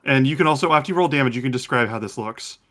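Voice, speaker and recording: A man running a tabletop game as game master, who slows down when he describes the monsters. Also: mid-range voice, sharp tone.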